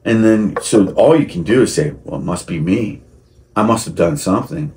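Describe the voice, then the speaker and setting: Low-voiced man ranting, gets heated. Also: animated, moderate pace. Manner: rambling, gets heated and shouty; frequent restarts and repeated words. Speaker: vlogger. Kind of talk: personal monologue to camera.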